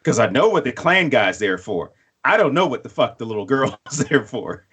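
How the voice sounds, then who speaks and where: A man in the middle of his range, co-hosting a podcast with animated, profanity-laced storytelling. He often slips into other voices for quotes, then drops his pitch low for punchlines. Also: normal speed, husky. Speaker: podcast co-host. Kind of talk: casual chat.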